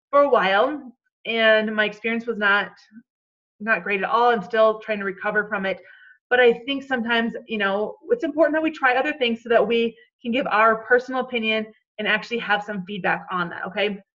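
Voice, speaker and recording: A woman's voice: on the high side, fairly bright tone, dull audio. A woman coaching her team on a call in a chatty, encouraging way, checking in often with "okay?".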